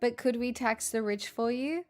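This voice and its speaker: A woman's voice: fairly high pitch, normal speed, soft background music. An Australian woman hosting a casual live stream, chatting with viewers in a sarcastic, self-deprecating way. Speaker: livestream host.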